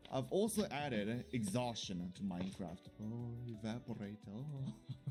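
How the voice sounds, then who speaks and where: A man giving jokey gameplay commentary for his video, excitable and laughing often. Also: medium pitch. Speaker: gaming video creator.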